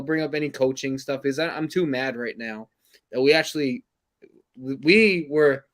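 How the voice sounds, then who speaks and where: A man co-hosting a sports podcast, ranting angrily and profanely about his team, with frequent sighs and exasperated outbursts. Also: a little high. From New York area. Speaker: podcast co-host. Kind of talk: angry sports rant.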